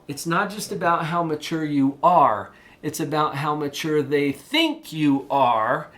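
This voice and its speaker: Animated man coaching teens on parents. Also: a little high. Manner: animated storytelling, acts out parents and kids. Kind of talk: motivational talk to teens.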